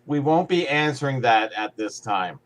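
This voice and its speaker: Dry-joking male guest, mid pitch. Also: expressive, moderate pace, a bit bright. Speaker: livestream guest. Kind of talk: casual hobby chat.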